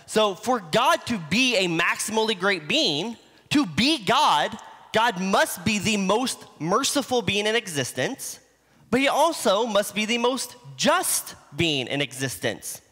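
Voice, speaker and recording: A man's voice: high voice, big pitch swings, unhurried, bright, forceful tone. A man preaching a sermon in a church, teaching in a conversational way with homespun examples. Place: church sanctuary. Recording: livestream in a reverberant church hall.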